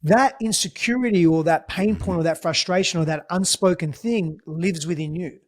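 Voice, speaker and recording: A man who works as a relationship coach, speaking as a podcast guest in a calm, measured and earnest way. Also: high voice. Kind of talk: reflective podcast conversation.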